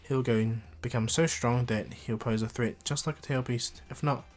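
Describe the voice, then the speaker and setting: A man voicing a calm, weary adult ninja teacher who speaks low and measured. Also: faint music behind, lightly acted. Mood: grave.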